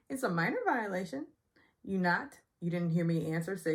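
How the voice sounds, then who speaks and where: A woman's voice: fairly low pitch, expressive, normal speed. A woman from the Southern United States recapping a reality show in a chatty, gossipy way with sarcastic asides. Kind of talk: casual recap vlog.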